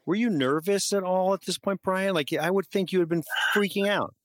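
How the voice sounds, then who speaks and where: Interviewer, man with a somewhat high voice, dry close sound, asks follow-ups. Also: a little fast, fairly bright tone, no echo. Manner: engaged, asks follow-up questions. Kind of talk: casual interview chat.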